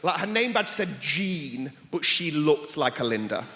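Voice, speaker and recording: A young man with a high, bright voice tells a stand-up story on a large theatre stage. He bounces between voices for the characters. The hall carries a long reverb, and audience laughter comes through clearly. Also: measured pace, noisy background. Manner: animated, jumps between voices in his story. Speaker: stand-up comedian.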